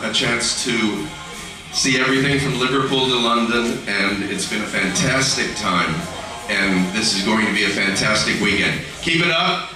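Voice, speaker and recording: A middle-aged man giving an earnest, grateful convention speech with halting pauses, heard from far off in an echoey hall. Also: medium pitch. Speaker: guest voice actor.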